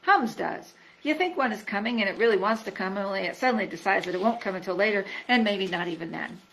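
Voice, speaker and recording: A woman voicing a gentle, rambling storybook bear. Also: mid-range voice, animated, fast, slight background noise, poor audio. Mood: musing. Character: gentle, rambling male bear, slow-witted and kindly. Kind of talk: reading a storybook aloud.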